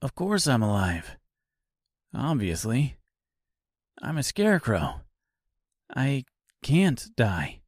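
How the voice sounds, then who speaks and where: A man's voice: mid-range voice, sing-song, takes it slowly, long pauses, dry recording, clean studio sound. A man reading an audiobook, voicing an easygoing male scarecrow who talks in a nonchalant, matter-of-fact way.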